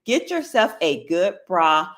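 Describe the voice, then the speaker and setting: A woman's voice: fairly low pitch, big pitch swings, slow, a bit bright. A middle-aged woman with an African American Vernacular English accent, hosting a casual advice talk, blunt and profane, checking in with her listeners. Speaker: host giving relationship advice.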